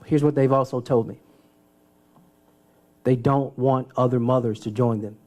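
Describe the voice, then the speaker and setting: A man, a city mayor, giving a solemn, measured speech at a press conference. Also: mid-range voice, steady tone, a little mellow.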